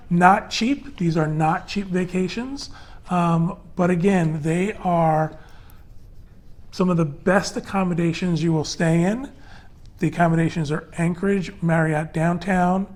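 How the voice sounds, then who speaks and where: Chatty higher-voiced male host. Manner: chatty, loose and conversational with many fillers; walks through prices and details step by step. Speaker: podcast host. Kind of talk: casual panel chat.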